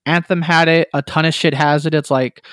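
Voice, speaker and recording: A man's voice: on the high side, steady tone, fairly quick, a bit bright, dry recording, studio quality. A man co-hosting a gaming podcast in casual chat, swearing freely, mocking and laughing often. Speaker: podcast co-host.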